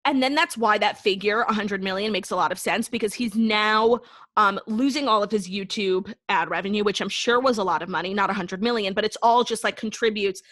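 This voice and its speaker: A woman's voice: mid-range voice, brisk, a bit bright, dry recording. A young woman co-hosting a pop culture podcast, talking bluntly and casually, swearing freely and saying "like" a lot. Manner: blunt and frank, swears, lots of "like". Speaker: podcast co-host. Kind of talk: casual chat.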